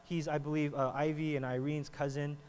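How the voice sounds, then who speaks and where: A male pastor preaching in a lively, conversational way, checking in with the congregation again and again. His voice sits a little high for a man. The sound carries a long hall reverb with a faint mains hum underneath. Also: brisk, clean tone. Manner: animated, talks to the congregation with frequent "right?". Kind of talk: sermon. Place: church hall.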